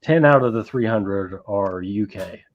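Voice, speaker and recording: A man's voice: fairly low pitch, unhurried. A man hosting a casual movie-collecting live stream, rambling, swearing freely and reading out chat messages. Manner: rambling, profane, reads chat aloud. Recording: dull lo-fi stream audio.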